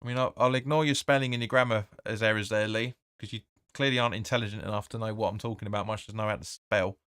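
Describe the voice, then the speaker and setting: A man's voice: fairly low pitch, steady tone, quick pace, fairly bright tone, clean tone, dry recording, clean studio sound. A man hosting a live match watch-along, giving blunt, opinionated commentary with swearing and reading viewer comments aloud. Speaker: fan channel host.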